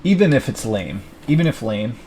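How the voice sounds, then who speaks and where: A man's voice: medium pitch, big pitch swings, moderate pace, dark tone, a little hiss or hum, poor audio. A young man thinking aloud at his desk, rambling and self-mocking as he plans his week. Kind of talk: rambling solo self-talk.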